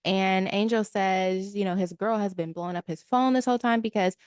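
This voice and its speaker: A woman co-hosting a podcast, recapping a show in a relaxed, chatty way. She keeps jumping into the characters' lines with little put-on voices. The recording is close and dry, with no room sound. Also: medium pitch, smooth, no room sound. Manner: animated retelling, acts out characters' lines in quick asides. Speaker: podcast co-host. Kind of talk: casual recap of a TV episode.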